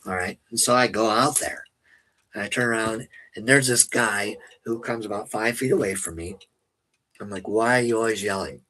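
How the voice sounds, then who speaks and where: A middle-aged man speaking straight to his stream viewers in a candid, defiant monologue, swearing freely and leaning hard on his words. His voice sits fairly low yet sounds bright and forceful, with a husky edge. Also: rough recording. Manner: blunt, profane and defiant, with emphatic slow stresses. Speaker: paranormal investigator and channel owner.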